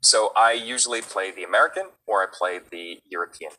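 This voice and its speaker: A man's voice: fairly low pitch, brisk, pushed and bright, low-quality recording. A man, a voice actor chatting casually, with many fillers and restarts. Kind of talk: casual chat.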